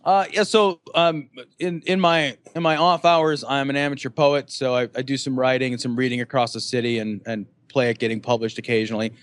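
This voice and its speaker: A man guesting on a podcast, talking in a profane, animated ranting way. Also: medium pitch, brisk, no room sound. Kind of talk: casual podcast chat.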